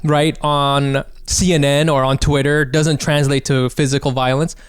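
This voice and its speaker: A man's voice: on the high side, flat delivery, normal speed, smooth, dry recording, clean studio sound. A man co-hosting a comedy podcast, talking in a sarcastic, rambling way and correcting himself mid-sentence. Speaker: podcast co-host. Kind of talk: casual podcast chat.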